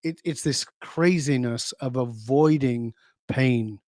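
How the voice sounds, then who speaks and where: A man's voice: medium pitch, takes it slowly, darkish tone, no echo, clean studio sound. A man being interviewed as a leadership speaker, talking emphatically, telling stories and asking rhetorical questions. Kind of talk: conversational interview.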